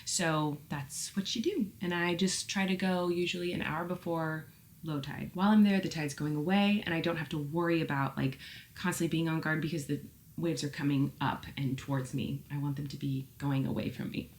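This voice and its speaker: A woman vlogger in her thirties chats candidly to her viewers. Her voice sits a touch low, and her talk runs loose and rambling with plenty of filler words. She gets open and emotional as she goes. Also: fairly even intonation, moderate pace, slight background noise. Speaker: vlogger answering viewer questions. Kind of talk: casual chat to camera.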